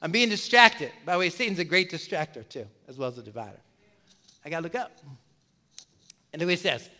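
A man's voice: fairly high pitch, lively intonation, fairly quick, bright, forceful tone. A man preaching a sermon to his congregation, emphatic and repetitive, addressing the listeners directly. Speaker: pastor.

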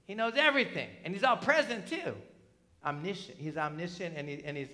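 A middle-aged man from New Jersey preaching a sermon in a conversational, animated way, full of asides and tag questions. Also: sits high, brisk. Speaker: pastor.

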